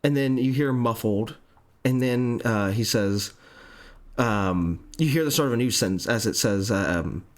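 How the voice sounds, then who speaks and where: A man narrating a tabletop game as game master, halting with frequent ums and throat clearing. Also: medium pitch.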